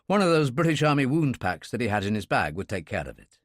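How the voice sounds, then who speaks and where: A man narrating a thriller audiobook in a steady, expressive reading. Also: mid-range voice, fast, dry recording, studio quality. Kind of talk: scripted narration.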